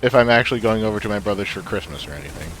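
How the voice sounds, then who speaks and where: A man's voice: fairly low pitch, animated, rapid-fire, a bit bright, soft background music, rough recording. A man joining a casual stream chat, talking hesitantly and restarting his sentences.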